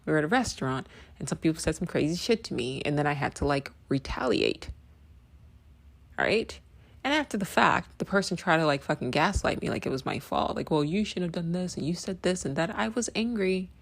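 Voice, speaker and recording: A woman host speaking her mind in a loose, emphatic podcast monologue, with a lowish voice and a gravelly edge. She swears freely, circles back to repeat her point, and punctuates her lines with "right?". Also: animated, brisk. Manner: emphatic, repeats phrases, asks "right?" often. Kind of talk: casual opinion monologue.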